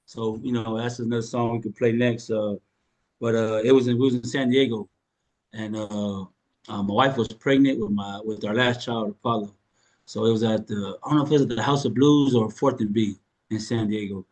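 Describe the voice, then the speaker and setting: A man's voice: on the low side, steady tone, normal speed, a little mellow. Laid-back man telling a funny story. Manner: laid-back, joking, laughs often. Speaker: host. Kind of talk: casual storytelling.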